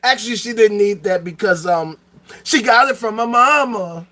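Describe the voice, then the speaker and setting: A man hosting a solo talk show, musing in a profane, excitable rant that breaks into shouting. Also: sits high, normal speed. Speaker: podcast host.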